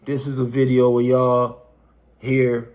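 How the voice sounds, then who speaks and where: A man speaking at an ordinary middle pitch who delivers an impassioned street speech. He talks like a preacher, quoting scripture and driving each point home by repeating the same phrase again and again. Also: completely flat delivery, slow, a little mellow, muffled recording. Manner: quotes scripture.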